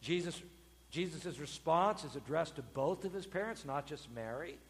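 A man, a pastor, preaching a sermon with expressive delivery, acting out quoted voices with sudden loud bursts. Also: a little high, normal speed, in a large hall.

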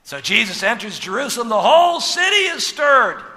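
A man preaching a sermon as pastor, emphatic, posing rhetorical questions and swinging sharply between loud and soft. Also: very high voice, very animated, moderate pace. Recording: long hall reverb.

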